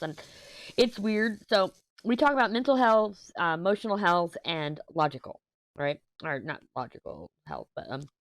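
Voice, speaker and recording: A tearful woman speaks openly to her viewers, rambling and swearing as she works through her feelings. Her voice is low and smooth, recorded dry and close with no room sound. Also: no room sound. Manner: candid, emotional, swearing, rambling with restarts. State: tearful, upset. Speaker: crafting channel host. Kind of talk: casual chat to camera.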